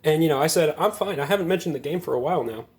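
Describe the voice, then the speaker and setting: A young man in his twenties tells a gaming story in a loose, rambling way, amused at himself and full of fillers. His voice sits slightly high. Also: expressive, racing, darkish tone. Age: 20s. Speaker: gaming video creator. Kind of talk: casual storytelling to camera.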